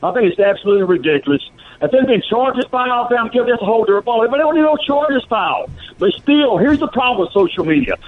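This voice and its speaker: High-voiced, emphatic male radio caller. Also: lively intonation, fast talker. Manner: emphatic, argumentative, keeps saying "okay". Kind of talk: call-in radio talk. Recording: tinny phone line.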